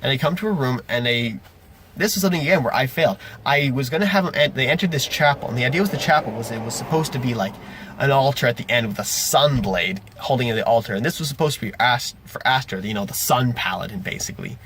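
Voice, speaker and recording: Speaking fast in a mid-range voice over slight background noise, a man who runs a tabletop game rambles through a session recap for his casual vlog. He keeps correcting himself and retells events animatedly.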